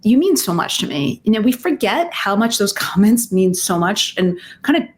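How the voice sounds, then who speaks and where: Animated woman giving relationship advice. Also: medium pitch, moderate pace. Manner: animated, uses many fillers and acted-out quotes. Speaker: psychotherapist and relationship expert guest. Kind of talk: conversational advice interview.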